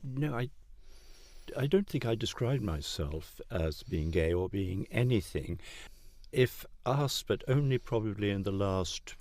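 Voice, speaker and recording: An older man recalling the past in a hesitant way, with pauses and fillers. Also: fairly low pitch, animated, a little mellow, no echo. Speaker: interviewee.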